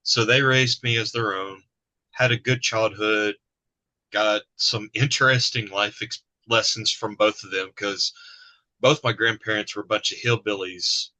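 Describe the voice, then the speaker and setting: A man from Alabama, chatting in a relaxed, plain-spoken way as the interviewer. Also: fairly low pitch, a little slow, low-quality recording. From Birmingham, Alabama. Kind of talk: casual chat.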